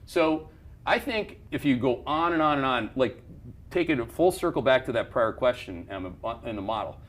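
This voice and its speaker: A man's voice: mid-range voice, expressive, moderate pace. A man hosting a market commentary show, talking bluntly and heatedly, swearing and restarting his sentences as he rants through charts. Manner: fired-up, blunt ranting with profanity and repeated restarts. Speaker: investment firm CEO hosting a market show.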